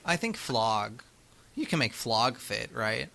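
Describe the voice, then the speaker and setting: A man's voice: medium pitch, slow, gravelly, no echo. A man co-hosting a casual podcast chat, joking and laughing as he talks. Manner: joking, animated, breaks into laughter. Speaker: podcast co-host.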